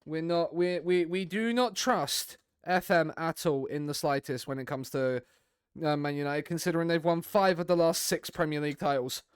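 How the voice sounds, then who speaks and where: A man's voice: fairly high pitch, steady tone, normal speed, clean tone, no room sound, clean studio sound. A young man streaming a football management game, chatting casually with viewers in a rambling way. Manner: rambling, chatty, talks to viewers while playing.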